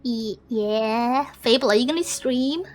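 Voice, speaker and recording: A woman streamer hosting a casual call with friends, teasing and excitable. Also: fairly high pitch, faint music behind. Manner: teasing, excitable, slow-spoken. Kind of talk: casual chat between gamer friends.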